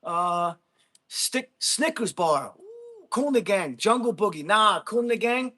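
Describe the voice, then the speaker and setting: A man in his thirties rambles happily to his livestream viewers, jumping from topic to topic and laughing often. His voice sits fairly high, and he keeps turning to the chat with questions. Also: measured pace. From Jersey City, USA. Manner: rambling, excitable, laughs a lot, talks to chat. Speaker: livestream host, Marine veteran.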